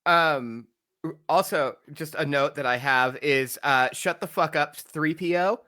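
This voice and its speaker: Co-host with mid pitch, dry sarcastic delivery; video-call film chat. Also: unhurried, pushed and bright. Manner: wry, sarcastic, rhetorical questions. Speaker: podcast co-host. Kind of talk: casual film discussion over video call.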